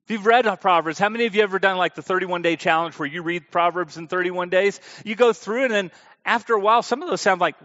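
A man's voice: high voice, fast, fairly bright tone, lo-fi sound. A man preaching a sermon in an emphatic, conversational way, putting questions to his listeners. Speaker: preacher teaching a Bible class.

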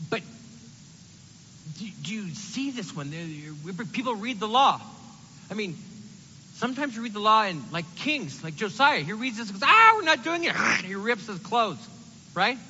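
A man preaching a sermon in an animated, conversational way, acting out the quotes he reads. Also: high-pitched, normal speed, long pauses, big-room sound, highs cut off, slight background noise.

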